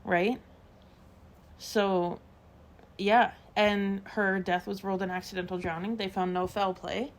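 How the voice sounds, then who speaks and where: A woman's voice: mid-range voice, fairly even intonation, a little slow, slight background noise. A woman co-hosting a podcast, casually retelling true-crime stories with lots of fillers and quoted asides. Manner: chatty storyteller, many fillers and quoted asides. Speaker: podcast co-host.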